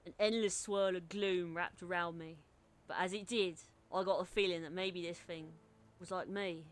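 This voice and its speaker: A woman's voice: lowish voice, fairly even intonation, normal speed, close to an everyday voice. A woman reading a streamed game's dialogue as a brooding young man, weary and bitter.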